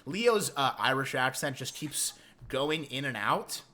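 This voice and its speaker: A man giving a casual film review, retelling scenes in an excitable, profane and animated way. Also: medium pitch, unhurried.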